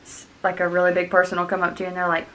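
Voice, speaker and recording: A woman's voice: lowish voice, rapid-fire, a little hiss or hum. A young woman vlogging, chatting casually and acting out other people in quotes. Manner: animated, mimics people in quotes. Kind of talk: casual chat.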